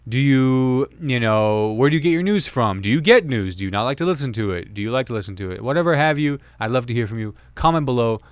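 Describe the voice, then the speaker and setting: A man hosting his own comedy commentary show, talking casually and jokingly, slipping into quick impressions of other people. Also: mid-range voice, expressive, clear, resonant tone, dry recording. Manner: chatty, jokey, mimics others in quick asides. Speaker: podcast host and comedian.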